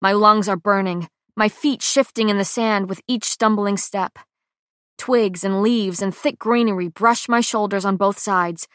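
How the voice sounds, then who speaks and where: A woman's voice: medium pitch, dry recording, clean studio sound. Woman reading a tense first-person audiobook. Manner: tense, dramatic reading with quick shifts to hushed lines. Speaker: audiobook narrator.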